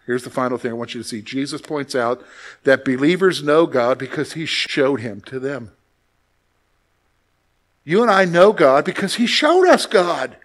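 A man pastor preaching a sermon, emphatic, moving between loud exclamations and quiet asides. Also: medium pitch, animated, normal speed.

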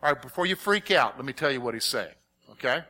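A middle-aged man preaching a sermon, reading scripture and questioning his congregation in an animated, conversational way. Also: medium pitch, fast. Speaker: pastor.

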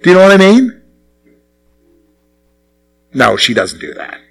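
Middle-aged guy preaching, voice sits a bit high, keeps asking the crowd stuff then answering it himself. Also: unhurried, vocal fry, soft background music, low-quality recording. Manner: animated preaching, asks the crowd questions and answers them himself; swings between raised, punchy lines and low, quiet asides. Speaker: pastor. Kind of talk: sermon.

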